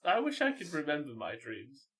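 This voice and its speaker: A man's voice: fairly high pitch, wildly swooping pitch, normal speed, a bit bright, husky. A man in his twenties, a podcast co-host chatting casually and laughing often. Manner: laughs often while talking. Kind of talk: casual chat.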